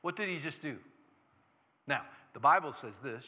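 A male pastor delivers a sermon, his voice high and bright. He moves from quiet, conversational teaching to loud exclamations, and a long church reverb trails each phrase. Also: expressive, takes it slowly, long pauses. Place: church sanctuary. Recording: echoey church hall.

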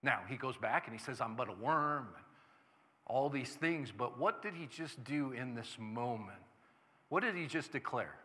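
Male pastor preaching, bright voice, soft then loud, lots of church hall echo. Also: medium pitch, animated, moderate pace. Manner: swings from soft teaching to loud exclaiming. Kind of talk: sermon. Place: church sanctuary.

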